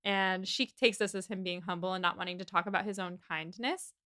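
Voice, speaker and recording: A bright, animated young woman with a medium-pitched voice co-hosts a podcast, retelling a story for a casual book-club chat. She acts out the characters in quick little voices.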